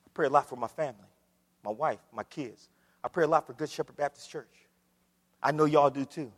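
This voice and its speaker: A man preaching a sermon as pastor, moving from steady scripture reading to loud, shouted passages. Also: a little high, a little fast, in a large hall.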